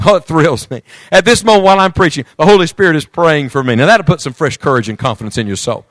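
A man preaching a sermon, moving between loud emphatic declarations and hushed, intimate storytelling, reading scripture aloud in old-fashioned wording. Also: high-pitched, sing-song, fast talker, hardly any pauses, no echo. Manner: reads scripture aloud in King James wording.

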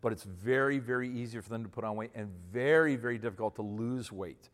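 A man in his fifties with a mid-pitched voice, talking folksy and emphatic as he advises an audience. His words carry a long hall reverb. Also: brisk. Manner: folksy, emphatic, repeats himself. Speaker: speaker giving marriage advice to men. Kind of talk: advice talk to an audience.

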